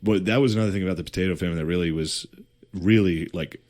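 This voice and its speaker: A man's voice: sits low, fast talker, a little mellow. A man co-hosting a podcast, telling history in a casual, profane, slangy way with joking asides. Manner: profane, slangy storytelling with put-on quotes and laughter. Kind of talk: casual comedic history chat.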